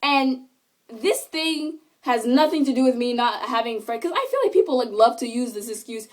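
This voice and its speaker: High-pitched teen girl ranting indignantly. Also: normal speed. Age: late teens. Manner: emphatic, indignant, repeats herself for emphasis. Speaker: high school student. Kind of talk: impassioned vlog rant. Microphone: phone camera.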